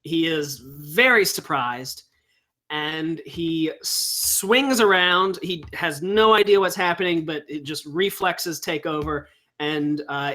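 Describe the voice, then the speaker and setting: A man running a tabletop game as game master, who narrates haltingly and thinks aloud while he describes each scene. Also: on the high side, bright, forceful tone.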